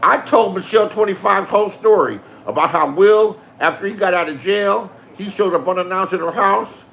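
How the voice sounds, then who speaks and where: A man's voice: sits high, moderate pace, vocal fry, a bit bright. A man telling a profane story in a boastful rant, swearing and insisting that what he says is the truth. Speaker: online show host.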